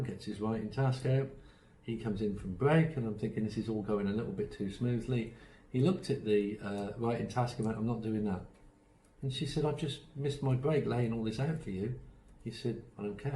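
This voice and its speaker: A man runs an online workshop on autism strategies, telling anecdotes chattily, acting out quoted voices, and often umming and restarting. His medium-pitched voice is mellow. The recording is low quality and sounds roomy.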